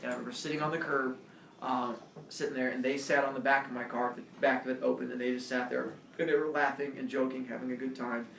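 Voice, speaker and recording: Gravelly man telling a story far off. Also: mid-range voice, fast talker, slight background noise. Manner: animated, self-mocking storyteller. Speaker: teacher telling a story to a class. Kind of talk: personal storytelling. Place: classroom. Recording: echoey classroom from far off.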